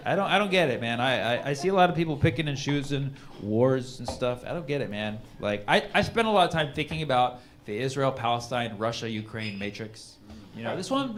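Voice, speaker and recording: Animated stand-up comedian, live audience. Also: male voice, fairly high pitch. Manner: animated, conversational, punchlines in put-on voices. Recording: live stage recording with audience noise.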